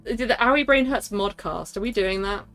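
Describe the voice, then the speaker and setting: A woman's voice: mid-range voice, animated, moderate pace, a bit bright, soft background music. Scattered, laughing woman streamer. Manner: scattered, self-interrupting, laughs often. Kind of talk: casual livestream chat.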